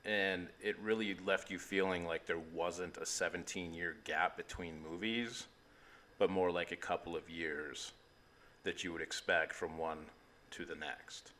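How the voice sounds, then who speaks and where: Low, bright-toned man co-hosting a loose comedy movie podcast, upbeat and repetitive. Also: unhurried, a little hiss or hum. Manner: enthusiastic, repeats words while searching for them. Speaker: podcast co-host. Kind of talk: casual comedy movie chat.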